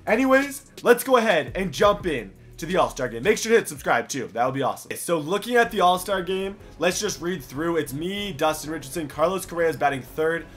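A young man giving animated gameplay commentary for his video channel, heated and playful with loud outbursts. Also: fairly high pitch, a little fast, few pauses, soft background music. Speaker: gaming YouTuber.

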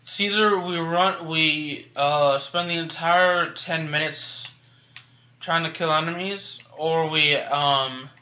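A man's voice: fairly high pitch, takes it slowly, pushed and bright, muffled recording. A man talking casually over gameplay of his video game, a little tired and chatty, rambling with frequent restarts. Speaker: gaming YouTuber.

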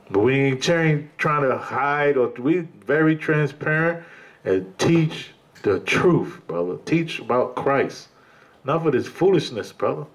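A man preaching a sermon in an emphatic, colloquial way, often calling his listeners brother. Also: mid-range voice.

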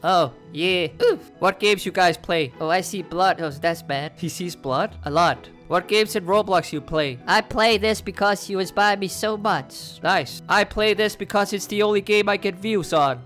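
A man hosting a game channel, rambling excitably through casual gameplay commentary, talking back to other players and laughing often. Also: high voice, normal speed, few pauses, faint music behind. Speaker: gaming channel host.

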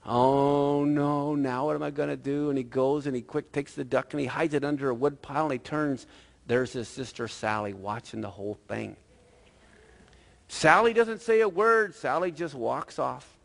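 A male pastor preaching a sermon in a lively, conversational storytelling manner. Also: mid-range voice, normal speed, creaky, long reverb tail.

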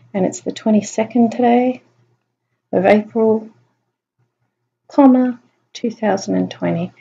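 Teacher, woman, husky tone, sounds out phonemes patiently, muffled lo-fi home recording. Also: a little high, measured pace, long pauses, dark tone. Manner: sounds out phonemes letter by letter, chatty and encouraging. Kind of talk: online spelling lesson.

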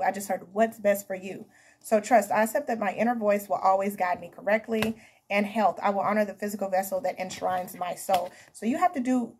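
A woman's voice: mid-range voice, darkish tone, slight background noise. A woman giving a casual tarot reading to camera, chatty and emphatic, calling her viewers honey and baby. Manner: emphatic, repeats herself. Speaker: tarot reader.

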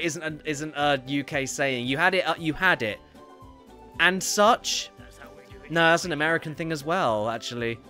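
A man chatting casually during a live game stream and reading viewer messages aloud with quick asides. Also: fairly high pitch, expressive, pushed and bright. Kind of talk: casual live-stream chat while gaming. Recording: faint game music behind.

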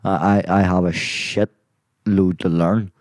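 A man talking as a podcast guest in casual conversation, full of swearing, sudden loud exclamations and "mate". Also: low-pitched, fairly even intonation, takes it slowly, dry recording.

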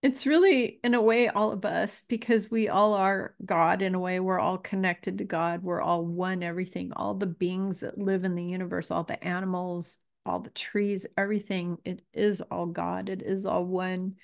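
Woman, spiritual teacher, casual talk to camera, earnest, repeats herself, somewhat low voice. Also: fairly even intonation, gravelly. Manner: earnest, emotional, pauses to collect herself; repeats phrases, many fillers.

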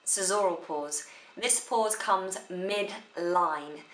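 A woman giving a spoken theory lesson for a drama exam, explaining slowly and deliberately. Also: fairly low pitch, fairly bright tone, slight background noise. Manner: slow, careful, deliberate delivery. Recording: echoey room.

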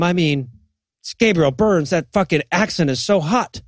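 High-voiced man recapping a movie. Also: moderate pace, no echo. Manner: profane, animated retelling with quoted voices. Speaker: podcast co-host. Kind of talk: comedic movie recap chat.

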